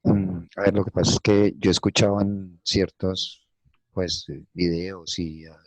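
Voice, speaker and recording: A man from Colombia with a Colombian accent, a native Spanish speaker and student who asks questions haltingly, searching for words. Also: low-pitched, steady tone, no echo.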